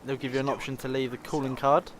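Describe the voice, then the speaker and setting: A man's voice: medium pitch, little pitch movement, fast talker, a crowd in the background. A British man giving casual, chuckling commentary over a video game walkthrough. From Britain. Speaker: gaming host. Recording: game audio with gunfire.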